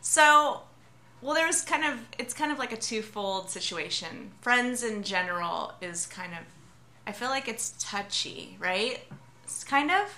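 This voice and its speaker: A woman's voice: a little high, lively intonation, unhurried, bright, forceful tone. An American woman in her thirties co-hosting a podcast, giggly and chatty, with lots of "like". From United States. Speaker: podcast co-host. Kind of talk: casual chat. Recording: echoey room.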